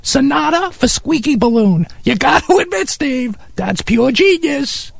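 A performer voicing Harry, an eccentric, excitable male music snob who talks in a pompous, condescending way in a comedy radio sketch. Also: sits high, measured pace, vocal fry, no room sound, heavily acted. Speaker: regular sidekick character.

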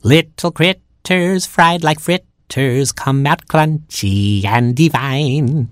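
A man voicing a greedy old female porcupine who drawls, gloats and snaps, with a husky, dry sound. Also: medium pitch, sing-song, a bit bright, dry recording, exaggerated voice. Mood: crooning. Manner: gloating, drawn-out, snappish.

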